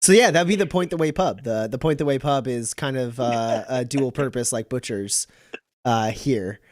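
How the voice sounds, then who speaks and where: A man's voice: mid-range voice, moderate pace, dry recording, studio quality. Rambling male game master. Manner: loose and rambling, many "like"s. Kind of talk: narrating a tabletop game.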